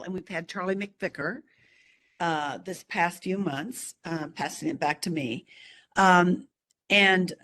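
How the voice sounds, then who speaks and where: A woman's voice: on the low side, fairly bright tone, slight background noise. A woman who leads a community language study group, speaking in a friendly, chatty way on a video call. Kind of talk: casual chat on a video call.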